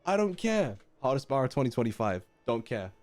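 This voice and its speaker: A man's voice: mid-range voice, brisk. A young male streamer reacts live, his voice swinging widely as he gets worked up. He laughs often and repeats whatever amuses him. Music sits faintly in the background. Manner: excitable, laughing often, repeating lines he finds funny.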